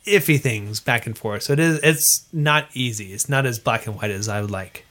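A man's voice: medium pitch, moderate pace, fairly bright tone. Guy who runs a beer bar, mid voice, talks earnest and opinionated. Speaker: craft beer bar owner, guest. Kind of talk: casual podcast chat.

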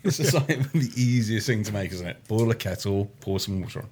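A man's voice: on the low side, lively intonation, a little fast, a little mellow, slight background noise. A man guesting on a casual podcast, telling a story with wry, self-mocking humor. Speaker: podcast guest, adventure trip organizer.

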